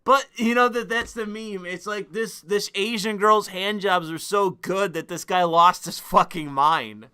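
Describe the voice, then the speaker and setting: A young man streaming and rambling crudely, bursting into excited outbursts. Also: sits high, measured pace, hardly any pauses, clean tone. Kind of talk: casual stream commentary.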